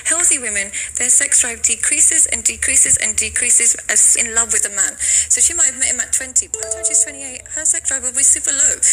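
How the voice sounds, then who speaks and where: A woman's voice: high-pitched, sharp tone, low-quality recording. A woman therapist speaking frankly and emphatically in an interview clip, acting out what her clients said. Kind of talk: opinionated interview talk.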